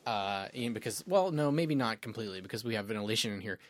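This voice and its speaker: A man's voice: on the low side, expressive, fast. A man co-hosting a podcast in casual chat, explaining things in a matter-of-fact way, in a small room with sound panels. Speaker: podcast co-host.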